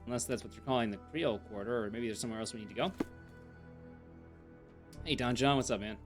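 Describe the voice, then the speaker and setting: A man's voice: medium pitch, fast talker. Man, game streamer, chatty, thinking aloud, self-mocking, faint music behind. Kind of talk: live-streamed game commentary.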